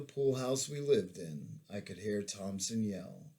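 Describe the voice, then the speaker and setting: A man in his forties reads from his own memoir, taking his time over each line. His voice sits low, and the pace is slow and measured like a storyteller's. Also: dark tone. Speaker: veteran author reading his memoir. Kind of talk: memoir reading.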